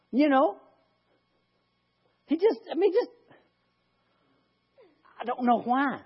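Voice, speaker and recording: A man's voice: very high-pitched, sing-song, slow, long pauses. A man leading a Bible study, reading scripture and breaking off into rambling, joking asides. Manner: chatty, rambling, self-interrupting. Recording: lo-fi recording.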